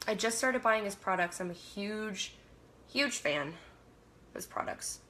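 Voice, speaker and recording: A woman's voice: medium pitch, takes it slowly, pushed and bright, a little hiss or hum. A young woman from Canada hosting a casual livestream, reading viewer comments aloud, laughing often and trailing off mid-sentence. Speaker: livestream host.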